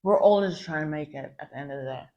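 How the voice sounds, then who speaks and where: A woman's voice: low-pitched, fast talker, muffled recording. A woman content creator venting in a POV girlfriend role-play, swearing often and calling the listener babe. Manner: profane, ranting, calls the listener babe.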